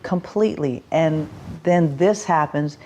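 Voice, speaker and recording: A woman's voice: sits low, measured pace, darkish tone. A middle-aged woman musician, a guest in an interview, talking heartfelt about performing, restarting her sentences and laughing easily. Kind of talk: interview conversation.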